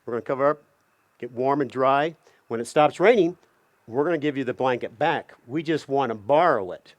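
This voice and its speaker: A man's voice: mid-range voice, normal speed, no echo, pitched below the performer's own voice, close to an everyday voice. A man voicing a sly male coyote in a spoken folk tale, pleading and frantic when chased. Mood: coaxing.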